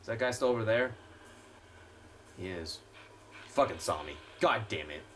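A man's voice: fairly low pitch, animated, moderate pace, fairly bright tone, slight background noise. A man playing a horror game and commenting as he plays, swearing and ranting at the enemies. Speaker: gameplay streamer. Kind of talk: let's play commentary.

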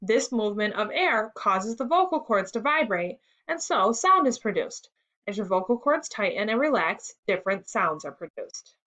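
Elderly storybook gentleman who lectures precisely, voiced by a woman reading aloud. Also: high-pitched, big pitch swings, moderate pace, heavily acted. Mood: explaining. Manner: explanatory, precise. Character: elderly man, lecturing chess friend.

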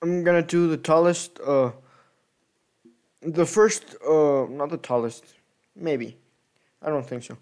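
A man's voice: on the high side, takes it slowly, long pauses, a little mellow. A man giving casual gameplay commentary, rambling and correcting himself as he thinks aloud. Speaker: gaming video creator.

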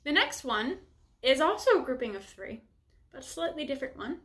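A woman's voice: high voice, big pitch swings, brisk, a bit bright. A young woman teaching a music lesson, upbeat and encouraging, explaining each step plainly. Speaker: bassoon teacher.

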